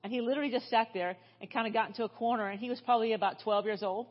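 A woman's voice: on the high side, fairly even intonation, very fast, highs cut off. Chatty middle-aged woman preaching in church. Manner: chatty, with many restarts and fillers. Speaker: guest speaker. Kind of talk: storytelling sermon.

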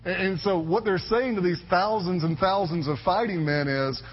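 A man's voice: high voice, moderate pace. A man in his thirties preaching a sermon as a pastor, emphatic and conversational, repeating his phrases for weight. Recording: echoey hall, dull lo-fi sound.

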